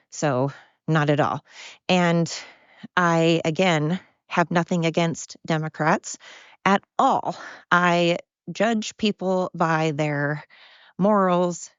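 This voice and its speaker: A woman's voice: fairly low pitch, dry recording, dull audio. A woman hosting a podcast, rambling bluntly and casually on her own, exhausted and winded, with a self-deprecating, meandering way of talking. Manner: chatty, blunt, self-deprecating, drifts off topic. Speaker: podcast host.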